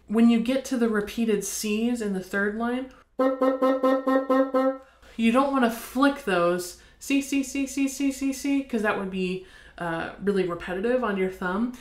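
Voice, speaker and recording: An American woman teaching bassoon, explaining in a friendly way and counting beats aloud. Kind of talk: instructional demonstration. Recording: echoey room.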